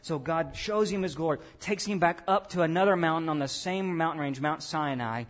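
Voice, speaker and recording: A pastor preaching a sermon in a conversational way, tossing questions and asides to the congregation. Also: male voice, on the high side, fairly quick.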